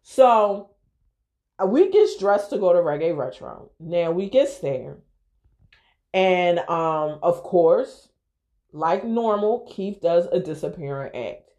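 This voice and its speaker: A young woman telling a personal story on her podcast in a candid, profane, lively way. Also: lowish voice, slow pace, lo-fi sound. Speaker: podcast host. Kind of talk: casual storytelling to listeners.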